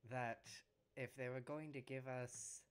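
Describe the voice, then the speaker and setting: A man's voice: mid-range voice, level tone, measured pace, clear, resonant tone. A man with a mid-range voice muses skeptically in character at a tabletop game, questioning the point of a mission. He talks in loose, casual phrases. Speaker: player.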